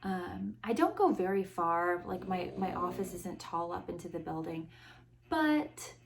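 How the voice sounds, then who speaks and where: With a lowish voice, plenty of vocal fry, and a very animated yet slightly slow delivery, a young American woman rambles on her solo podcast. Her humor is dry and self-mocking, and she records on an iPhone.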